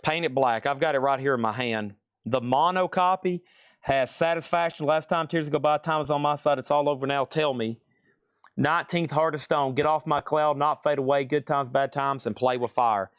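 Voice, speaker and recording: A man's voice: a little high, steady tone, smooth, dry recording, clean studio sound. A man hosting a live online record sale, rattling off items and prices in casual, chatty sales patter. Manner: brisk, rattles off item lists and prices; casual, chatty asides to viewers. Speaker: live auction host selling vinyl records.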